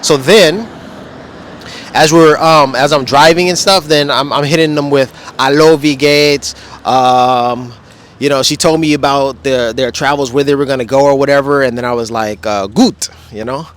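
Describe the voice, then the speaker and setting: Man, casual vlog, rambling, laid-back slang, outdoors, mid-pitched voice. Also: normal speed, a bit bright, slight background noise. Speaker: vlogger. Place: outdoors beside a wall display.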